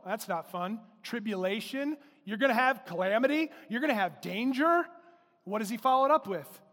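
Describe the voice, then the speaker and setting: A male pastor preaching a sermon, emphatic, rising to loud exclamations. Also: high-pitched, in a large hall. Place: church.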